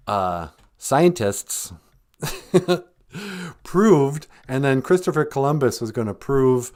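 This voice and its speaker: An older man with a medium-pitched, darkish voice hosts a podcast of comedic casual chat. He jokes sarcastically and laughs often while talking.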